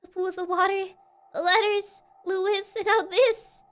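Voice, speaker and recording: A fretful young woman who fears her family is cursed, her voice high and pleading, as a woman puts her on while reading game dialogue. She sounds anxious and distressed. The tone is bright and lifted. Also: fairly even intonation, unhurried.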